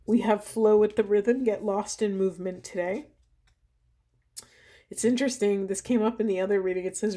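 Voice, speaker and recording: A woman, a spiritual coach, doing an oracle card reading to camera in a soft, earnest, heartfelt way that turns tearful. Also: medium pitch, steady tone, normal speed, pauses often.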